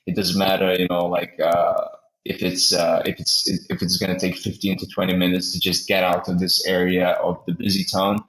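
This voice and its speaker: A man with a very low voice talks through a personal story in a relaxed podcast chat. He stumbles and repeats words as he goes. The sound carries a noticeable room echo. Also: moderate pace. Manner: rambling, many restarts and repeated words. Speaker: podcast host. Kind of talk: casual storytelling conversation.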